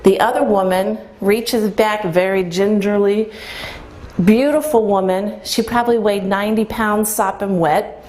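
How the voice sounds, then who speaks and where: Speaking at a measured pace with fairly even intonation, a middle-aged woman's medium-pitched, slightly mellow voice recounts her own story before an audience in an event room. Along the way she quotes herself and other people and puts questions to the listeners.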